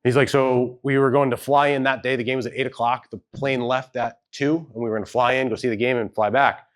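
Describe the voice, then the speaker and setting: A man's voice: medium pitch, fairly even intonation, a little fast. A man speaking at a live event, telling a personal story in a loose, conversational way and acting out the people he quotes. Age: adult with children. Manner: conversational, hedging, acts out quoted dialogue. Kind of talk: storytelling keynote talk. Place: event hall with audience.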